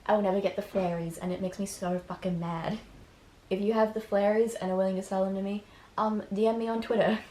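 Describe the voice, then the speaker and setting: Young woman vlogger, gushing and casual, mid-pitched voice in a roomy echo. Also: steady tone, quick pace, dark tone, slight background noise. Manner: enthusiastic, chatty, swears, laughs often. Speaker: video host. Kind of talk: casual review vlog. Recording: echoey room.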